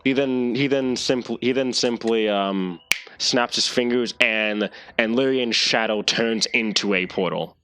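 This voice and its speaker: A man's voice: medium pitch, a little slow, a bit bright, clear, resonant tone. A man narrating as game master of an online tabletop game, often stopping and restarting his sentences.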